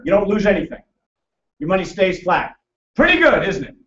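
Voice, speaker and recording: A man presenting a financial seminar to a live audience, loud, emphatic and hectoring as he teases the crowd. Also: high-pitched, very animated, a little fast. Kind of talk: motivational seminar lecture. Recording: echoey, distant, dull room recording.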